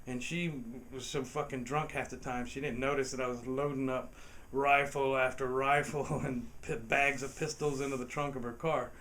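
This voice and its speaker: A man's voice: mid-range voice, flat delivery, normal speed, fairly bright tone. A man telling a true story in a casual comic anecdote, swearing freely, laughing between lines and putting on voices for the people in it.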